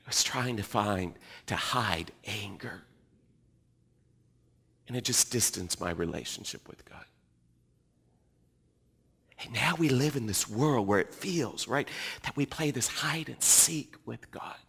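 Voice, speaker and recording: A middle-aged male pastor preaching a sermon, moving between loud emphatic passages and hushed, almost whispered reflection. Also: mid-range voice, slow, vocal fry, long pauses, husky.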